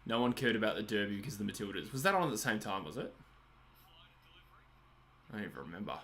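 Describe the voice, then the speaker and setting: A man's voice: fairly low pitch, sing-song, fast, a bit bright, slight background noise. An Australian man hosting a live stream, chatting casually while watching a match, laughing often and answering viewers' comments. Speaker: livestream host.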